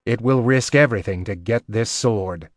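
A man voicing a wry older male assassin mentor who talks in a dry, measured, instructive way. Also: lowish voice, no room sound, natural voice. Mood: instructing.

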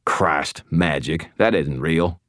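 A man voicing a tough but frightened male police officer who talks in blunt, gruff retorts. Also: extremely low pitch, takes it slowly, fairly bright tone, no room sound, clean studio sound, exaggerated voice. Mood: tense.

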